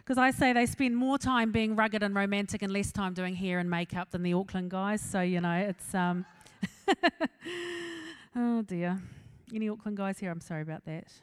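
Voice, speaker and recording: This is a forties-aged woman from New Zealand delivering a comic talk to listeners, her tone clean, her pitch medium and her speed normal. She chats easily, mocks herself, and laughs at her own punchlines.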